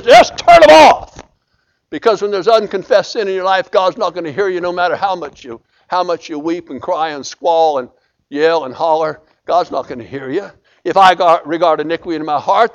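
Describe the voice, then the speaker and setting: A man preaching a sermon, swinging from loud impassioned cries to hushed pleading. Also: a little high.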